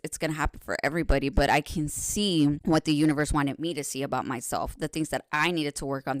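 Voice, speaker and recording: A woman with a low, smooth, resonant voice tells her personal story on a podcast, candid and salty with her language. She rambles and corrects herself, rising loud and animated in places and dropping to a hush when she confesses, all in a dry, close sound. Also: no echo. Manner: frank and profane, rambling and self-correcting; swings between loud animated retelling and soft hushed confession.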